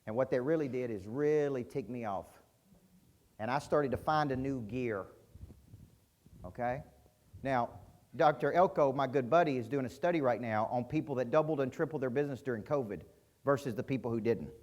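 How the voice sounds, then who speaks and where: A man's voice: medium pitch, normal speed, darkish tone. A middle-aged man giving an intense, punchy business-coaching keynote at a conference, often quizzing his audience. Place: conference hall stage.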